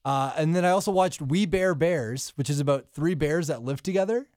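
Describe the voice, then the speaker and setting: A man's voice: fairly high pitch, a little fast, a little mellow, no echo. A man chatting on a podcast from a small studio booth, easygoing and joking. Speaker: podcast co-host. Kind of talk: casual chat.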